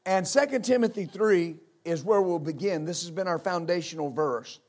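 Pastor guy preaching at church, kinda high voice, lots of uh and amen, starts over a lot. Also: a little mellow. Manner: halting restarts with frequent amens and uh; asks the congregation for responses. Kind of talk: sermon. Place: church service with congregation.

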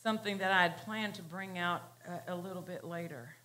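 A woman pastor preaching a sermon, slow and emphatic, repeating key phrases for weight. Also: fairly low pitch, bright, forceful tone.

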